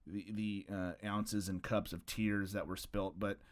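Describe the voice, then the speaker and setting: In a relaxed podcast chat, a man jokes around and swears with a friend, staying lively but letting his sentences trail off. He's the host, and his voice is on the low side and unhurried.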